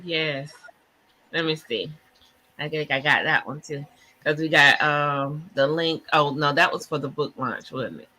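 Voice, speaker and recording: Host type: energetic woman, bright tone, talks church-style with lots of y'all, faint hiss behind. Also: deep voice, a little slow. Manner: excited, churchy, laughing often, Southern-style "y'all" talk. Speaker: podcast host. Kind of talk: casual live-stream chat.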